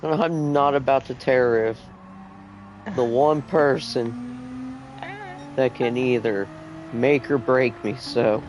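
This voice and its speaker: A man driving a race car and chatting in a relaxed, joking way with his team. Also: mid-range voice, takes it slowly, long pauses, slight background noise. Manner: easygoing, joking. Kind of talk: casual chat while driving.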